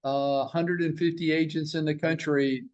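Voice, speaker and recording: Brief: man, slightly higher voice, joking sales trainer in a meeting room, quizzing the team. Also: level tone, normal speed, a little mellow, smooth, dull audio. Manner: teasing, joking, fires rhetorical questions at the room. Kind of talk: live training talk to a room.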